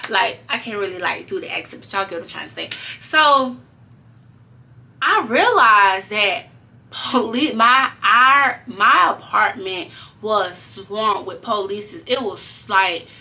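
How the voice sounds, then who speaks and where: A young woman telling a story to her viewers in a casual, animated way, swearing freely as she goes. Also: medium pitch. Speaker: vlogger.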